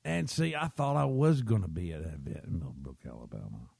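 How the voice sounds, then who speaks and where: A man's voice: sits low, expressive, brisk, creaky, darkish tone, breathy edge, no room sound, clean studio sound. A man, hosting a podcast and rambling through a self-deprecating story while checking in with his listeners. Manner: chatty, keeps checking in with listeners. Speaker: podcast host.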